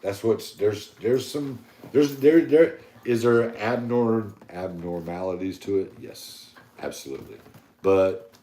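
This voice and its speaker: Middle-aged man, low voice, casual profane storyteller, echoey room. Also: measured pace, warm tone. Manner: rambling, profane, retells dialogue with many "I said". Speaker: podcast co-host.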